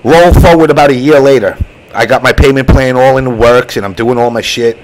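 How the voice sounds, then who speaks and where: A male host in casual chat, recounting his experiences in an animated, profane way. His voice sits at an ordinary middle pitch. A faint hiss and clicks run beneath his talk. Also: fairly quick, rough recording. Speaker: show host.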